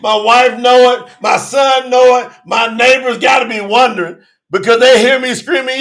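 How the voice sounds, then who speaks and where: A man preaching a fiery revival sermon, shouting and exclaiming, from Florida, emotional with his nose running. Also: very high voice, fairly even intonation, unhurried. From Florida, United States. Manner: shouting, preaching, Southern US vernacular speech.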